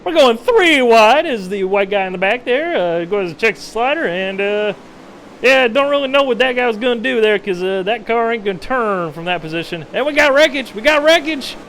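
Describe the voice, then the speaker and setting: A man's voice: extremely high pitch, expressive, normal speed, fairly bright tone, slight background noise, pitched above the performer's own voice, full character voice, rough recording. A man putting on a fake Southern accent to play a folksy race commentator with a drawl. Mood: excited hamming. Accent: put-on American Southern. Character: fake Southern good-old-boy race commentator, hammy.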